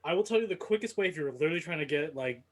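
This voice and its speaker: A man narrating a tabletop game as game master, with halting, filler-heavy delivery. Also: on the high side, animated.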